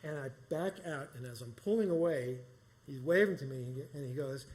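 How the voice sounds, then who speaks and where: A man's voice: medium pitch, normal speed, a little mellow. Rambling middle-aged man telling a story. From New York. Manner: rambling, conversational, with many restarts. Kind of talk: live personal storytelling. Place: small performance space.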